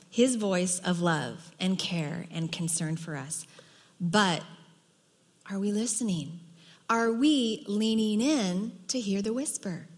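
A middle-aged woman teaching a women's Bible study in an earnest, emphatic way, dropping soft for quoted words. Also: mid-range voice, slow. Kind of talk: sermon. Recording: long hall reverb.

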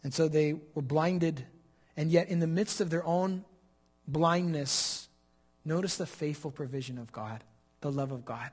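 A man's voice: on the high side, a little slow. A middle-aged man preaching a sermon as pastor, explaining scripture and building to emphatic peaks.

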